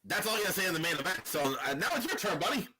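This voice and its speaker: A man co-hosting a casual wrestling podcast, his voice sitting high and ringing bright. He recaps the action animatedly, his pitch swooping up and down. A faint hiss of noise runs underneath. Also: rapid-fire. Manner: animated, does loud mocking voices when retelling. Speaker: podcast co-host.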